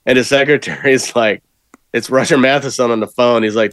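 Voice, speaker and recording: A man's voice: medium pitch, fast talker, fairly bright tone, dry recording. An American man co-hosting a podcast, rambling and laughing as he explains a film's jokes. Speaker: podcast co-host. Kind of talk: casual movie review chat.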